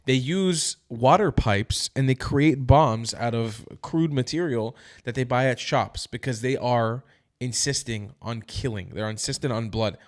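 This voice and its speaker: A man's voice: mid-range voice, unhurried. A man giving heated, emphatic news commentary straight to his viewers, tired and yawning. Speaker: commentary vlogger.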